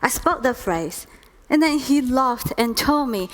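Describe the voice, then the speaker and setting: Woman, 30s, stage talk, reflective storytelling, higher voice, slow pace. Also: animated.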